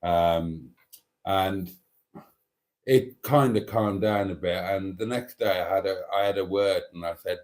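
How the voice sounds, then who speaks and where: A man's voice: low voice, a little slow. A man hosts a casual livestream, chatting and rambling with many ums and restarts as he reads out viewer comments. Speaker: YouTube channel host.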